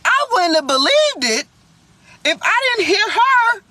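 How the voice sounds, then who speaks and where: A young woman telling a story in a vlog, animated, slangy and full of swearing. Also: extremely high pitch, unhurried, no echo.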